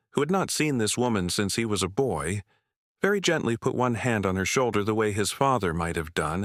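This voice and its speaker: A man reading a scripted story in a slow, measured way. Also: lowish voice, fairly bright tone, dry recording, studio quality.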